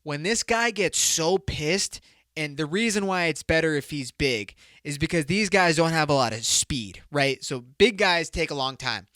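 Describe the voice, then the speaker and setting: A man's voice: fairly high pitch, animated, normal speed, sharp tone, no room sound, clean studio sound. A man hosting a comedic solo podcast, telling a rambling, profane story and laughing at his own jokes. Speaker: podcast host.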